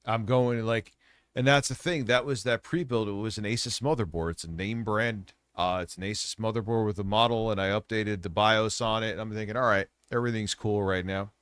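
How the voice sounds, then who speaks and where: A man's voice: lowish voice, fairly even intonation, a little fast, fairly bright tone, clear, resonant tone, no room sound, studio quality. A man livestreaming, ranting with frequent profanity about broken computer hardware. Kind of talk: casual livestream chat.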